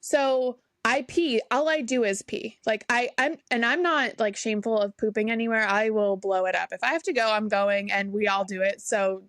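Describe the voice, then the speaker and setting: A woman's voice: a little high, normal speed, few pauses, a bit bright, no echo. A woman co-hosting a podcast, in casual chat, giggly and blunt as she tells stories. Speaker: podcast co-host.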